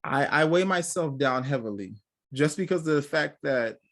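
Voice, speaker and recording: A man's voice: on the high side, expressive, normal speed, fairly bright tone. A young man co-hosting a casual talk show, telling blunt, profane stories and acting out what others said. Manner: blunt, profane storytelling with acted-out quotes. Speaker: podcast co-host. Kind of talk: casual chat.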